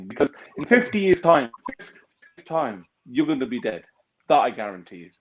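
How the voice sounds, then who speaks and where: A man's voice: medium pitch, big pitch swings, normal speed, a little hiss or hum. A man, a business founder giving a blunt, emphatic motivational talk as an interview guest, swearing freely. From United Kingdom. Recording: dull lo-fi sound.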